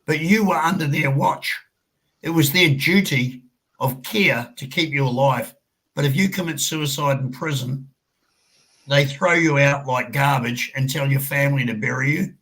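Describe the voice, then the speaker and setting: A man's voice: medium pitch, moderate pace, a bit bright, husky, low-quality recording. Blunt, sweary Australian man. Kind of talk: casual chat.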